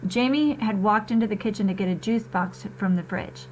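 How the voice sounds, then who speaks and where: A woman teacher reading a novel aloud to her students, expressive and conversational, talking to the class directly. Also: mid-range voice, moderate pace, hardly any pauses, a little hiss or hum.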